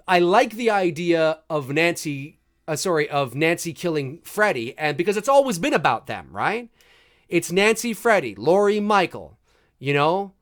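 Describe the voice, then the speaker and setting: A man hosting a live movie commentary, chatting casually and joking about the scenes as they play. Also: high voice. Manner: chatty, jokey, reacting with laughs and mock quotes.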